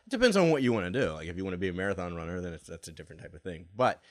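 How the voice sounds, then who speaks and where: A man's voice: low-pitched, sing-song, racing, no echo, clean studio sound. A middle-aged man from Virginia, chatting as a podcast guest, rambling with many fillers and restarts. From Virginia, USA. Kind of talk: casual chat.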